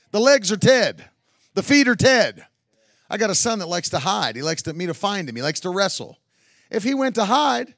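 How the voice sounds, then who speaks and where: A man preaching a sermon. He swings from chatty, joking stretches up to shouted, sing-song peaks full of woos and hallelujahs. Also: high voice, gravelly, no room sound, studio quality.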